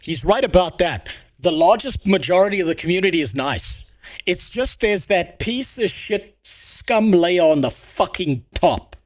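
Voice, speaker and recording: A man's voice: high-pitched, animated, unhurried. A man streaming live, talking bluntly and profanely in a ranting commentary. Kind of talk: casual livestream commentary.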